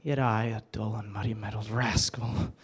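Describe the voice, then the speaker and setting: A man performing a brooding, self-reproaching young prince as a stage soliloquy at a bookstore open mic, swinging between hushed lines and loud outbursts. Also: fairly low pitch, fairly even intonation, normal speed, breathy edge, voice pushed down.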